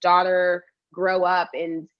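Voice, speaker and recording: A woman's voice: fairly low pitch, takes it slowly, muffled recording. A woman in her twenties with a Texan accent, a cheerleading coach chatting as a podcast guest and quoting herself as she tells stories. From Texas. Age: 20s. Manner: chatty, animated storyteller, quotes herself often. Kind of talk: casual podcast interview.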